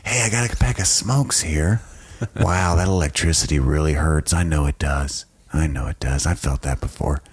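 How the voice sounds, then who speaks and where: A man's voice: rumbling low, normal speed, breathy edge, voice pushed down. A man voicing a smarmy male lab director with a Minnesota accent, coaxing a prisoner in a falsely friendly, wheedling way.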